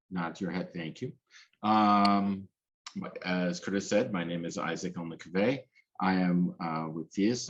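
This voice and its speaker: A man with a very low voice gives a policy presentation to a webinar audience. He talks earnestly and often restarts his sentences. The sound is dull and lo-fi. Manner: earnest, with frequent restarts and fillers. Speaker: policy specialist presenting a talk.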